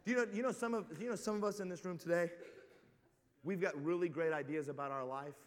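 Man, high voice, animated rambling preacher-storyteller, big reverberant hall. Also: quick pace. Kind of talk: comic storytelling sermon.

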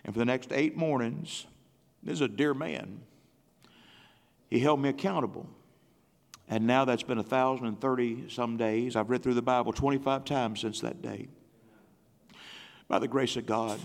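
An older man preaching a sermon in a church, with impassioned delivery and slow, drawn-out emphasis when reading scripture aloud. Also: mid-range voice, creaky, a bit bright. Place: church sanctuary. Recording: long church hall reverb.

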